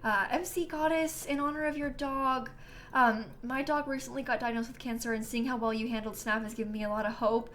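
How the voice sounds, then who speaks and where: A woman's voice: a little high, steady tone, a little fast, fairly bright tone, slight background noise. A young woman streaming a game live, chatting casually with her chat, reading donations and laughing at herself often. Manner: chatty, self-mocking, laughs often, reads donations aloud.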